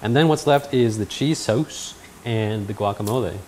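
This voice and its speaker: A man hosting a casual cooking vlog in a home kitchen, talking in a joking, self-mocking way with sudden loud outbursts. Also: lowish voice, moderate pace, slight background noise. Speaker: cooking video host.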